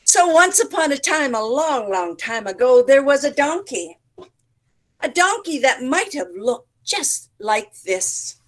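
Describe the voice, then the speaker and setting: A woman storyteller speaking slowly and deliberately, leaning into each phrase. She tells folk tales with lively expression, acting out the sounds and voices as she goes. She sounds like she is on a video call. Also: high voice. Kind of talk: participation storytelling for teachers. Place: home setup, online session.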